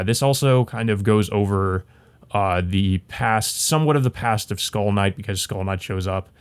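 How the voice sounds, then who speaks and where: A man's voice: lowish voice, darkish tone, smooth, no room sound. A young man hosting his own channel, talking through a manga volume in a rambling, hesitant way, with lots of restarts and casual asides. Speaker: channel host.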